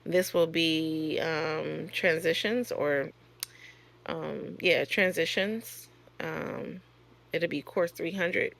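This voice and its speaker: A woman's voice: deep voice, fairly even intonation, extremely slow, gravelly, a bit bright. A woman nurse and course creator talking frankly in a casual storytelling monologue, her voice rising sharply when she retells exchanges.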